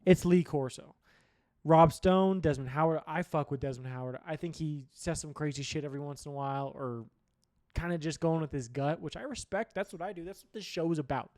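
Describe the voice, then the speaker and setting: A man's voice: fairly high pitch, a little fast, darkish tone, no echo, studio quality. A man hosting a sports show, giving blunt, profane opinions in a rambling solo rant. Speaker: sports podcast host.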